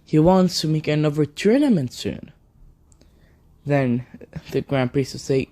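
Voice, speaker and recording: Slow, rambling young man telling a fan story. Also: on the high side, expressive, mellow. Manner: rambling, strings events together with "then". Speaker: video narrator. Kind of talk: improvised fan story narration.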